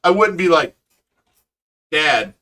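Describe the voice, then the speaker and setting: A middle-aged man tells a story with a lot of energy, laughing as he goes. His voice is high and bright, and it sounds distant, as if he is sitting away from the mic. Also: slow. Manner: animated storyteller, laughs often. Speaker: fish rescue owner and host. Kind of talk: casual livestream chat.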